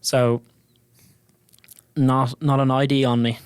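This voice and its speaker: A man's voice: mid-range voice, little pitch movement, slow pace, darkish tone, smooth, no echo, studio quality. A young man in his twenties with a South Dublin Irish accent, rambling through stories in a casual chat. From Ireland. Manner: rambling storyteller with many restarts. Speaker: guest.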